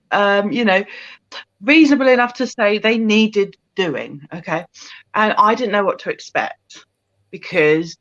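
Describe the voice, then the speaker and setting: Woman host, lively pitch swings, giggly storyteller, dull dry video-call audio. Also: no echo. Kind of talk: casual chat over video call.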